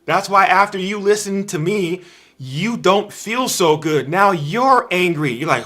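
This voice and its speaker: Slow-speaking, bright-voiced male preacher. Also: high-pitched, lively intonation. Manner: slow, emphatic, repeats key phrases. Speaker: preacher on a livestream. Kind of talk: informal sermon.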